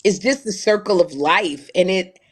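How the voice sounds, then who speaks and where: A woman in her fifties co-hosting a casual podcast, telling animated stories and acting out quoted dialogue. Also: lowish voice, moderate pace, breathy edge. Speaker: co-host.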